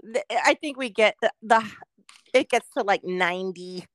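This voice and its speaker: A woman's voice: mid-range voice, moderate pace, fairly bright tone, dry recording. A woman co-hosting a casual podcast, ranting with heavy swearing and acting out her own reactions in quotes. She is from California. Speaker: podcast co-host. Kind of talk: casual profane chat.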